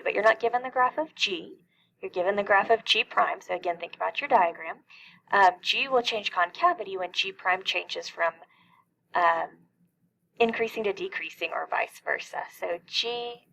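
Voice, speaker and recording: A middle-aged woman works through a calculus lesson in a mid-pitched voice with a gravelly edge of vocal fry. She explains step by step and poses questions that she answers herself. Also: sharp tone, rough recording. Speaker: math teacher.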